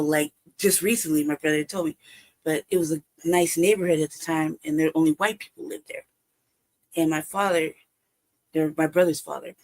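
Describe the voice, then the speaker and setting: A woman from Los Angeles telling a childhood story on a livestream call, swearing constantly and laughing often. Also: lowish voice. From Los Angeles, California. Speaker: livestream guest. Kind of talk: casual storytelling.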